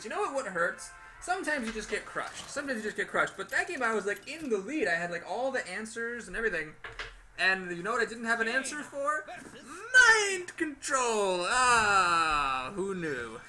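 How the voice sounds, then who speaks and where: A man hosting a gaming video, giving chatty, animated play-by-play commentary with playful exclamations. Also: sits high. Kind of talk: casual gameplay commentary.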